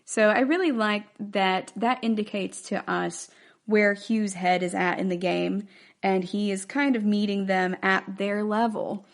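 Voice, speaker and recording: A woman's voice: medium pitch, creaky. A woman hosting a podcast, recapping a TV episode in a chatty, loose way with plenty of fillers. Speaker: podcast host.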